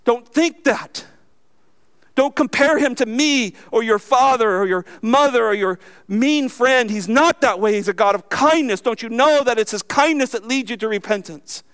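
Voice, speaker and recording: A man's voice: very high-pitched, moderate pace, fairly bright tone, clear, resonant tone. A man, a pastor, preaching a sermon emphatically and asking the congregation rhetorical questions.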